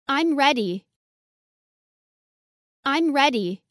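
A woman with a high, bright voice reads short practice phrases in a deliberate, unhurried way. Her pitch moves expressively, and every word is carefully enunciated. The sound is close and dry, with no room around it. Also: expressive, no room sound. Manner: clear, careful enunciation, each phrase said twice. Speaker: English model reader. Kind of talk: slow repeated phrase reading for learners.

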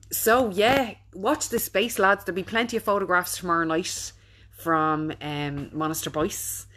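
Chatty Irish woman on a live stream. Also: deep voice. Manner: chatty and warm, reading out viewer comments. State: recovering from being unwell. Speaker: business owner hosting a Facebook live. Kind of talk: casual live-stream chat.

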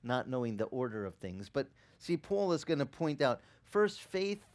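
A middle-aged male pastor delivers a sermon with lively, swinging pitch. He acts out the quotes and breaks into laughter as he tells the story. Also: moderate pace.

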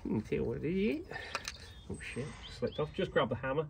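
A man explains mechanical steps as he works, with a wry, offhand humour. His pitch is lively and moves around a lot. The recording is noisy, with workshop clatter behind him. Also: a little fast, vocal fry. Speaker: host mechanic. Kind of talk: casual hands-on workshop commentary.

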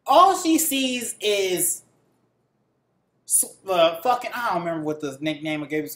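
A man's voice: high voice, sing-song, measured pace, fairly bright tone. Young male vlogger, rambling profane rant, echoey room. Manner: profane, rambling, acts out quoted voices. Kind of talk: casual ranting monologue.

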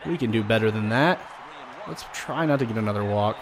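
A man commentating his own baseball video game play casually, joking and swinging from low muttering to sudden loud outbursts. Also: a little fast, crowd noise. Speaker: gaming commentator.

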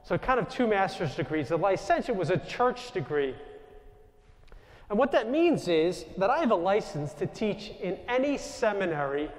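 A Jesuit priest with a New York accent tells stories to a live crowd, turning now and then to speak to people in the room. His voice sits a little high for a man. It carries a long reverb from a large hall. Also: moderate pace. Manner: animated anecdotal storytelling, asides to the audience. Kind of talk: storytelling talk to a live audience.

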